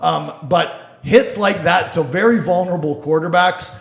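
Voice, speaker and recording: A man hosting a casual sports and law talk show, speaking bluntly and swearing freely. His voice sits a little high. The room around him has a noticeable echo. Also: measured pace, gravelly, a bit bright. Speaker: podcast host, lawyer.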